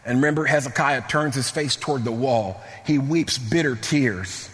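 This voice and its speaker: A middle-aged man preaching a sermon in a church, animated, repeating words and sometimes rising to near-shouts. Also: mid-range voice, moderate pace, long reverb tail.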